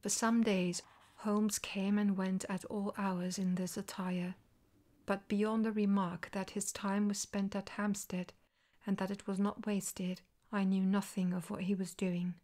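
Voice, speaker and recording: Soft-whispering woman reading a bedtime story. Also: mid-range voice, little pitch movement. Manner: soothing and slow-paced. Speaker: ASMR storyteller.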